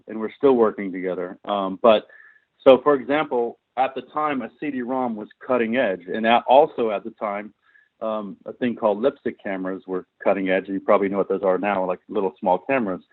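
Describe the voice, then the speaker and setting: A man's voice: on the low side, no room sound. A man as a filmmaker guest in an interview, telling long, passionate stories about his work. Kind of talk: interview storytelling. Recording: tinny dry phone-like line.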